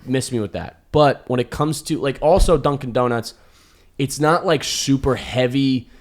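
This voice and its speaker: A young American man co-hosting a comedy podcast, talking loudly and swearing, with mock grand proclamations. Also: medium pitch, moderate pace. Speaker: podcast co-host. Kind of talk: casual chat.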